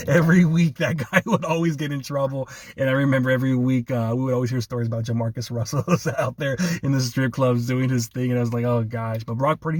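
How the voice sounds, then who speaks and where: A man's voice: mid-range voice, darkish tone, dry recording. Laughing, easygoing man talking sports. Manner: laughs often, enthusiastic, repeats 'man'. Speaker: sports podcast host. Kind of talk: casual sports chat.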